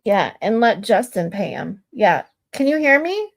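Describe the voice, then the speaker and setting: A woman hosts a casual live stream at an ordinary middle pitch, talking bluntly and swearing freely. She restarts her sentences often as she reads text messages aloud and talks them over with her viewers. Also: very animated, unhurried, creaky. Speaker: livestream host.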